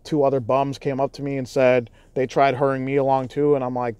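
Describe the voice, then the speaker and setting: A young man vlogging loud and profane, his voice heated and full of restarts. He speaks at a middle pitch, and the recording is dry and close. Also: level tone, fairly quick, clear, resonant tone, dry recording. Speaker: YouTuber. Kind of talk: casual vlog recounting.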